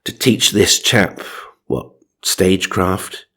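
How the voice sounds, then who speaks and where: A man's voice: sits low, steady tone, slow pace, bright, forceful tone. A man hosting a comedy reading, with dry, sardonic asides between passages. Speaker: narrator and comic host.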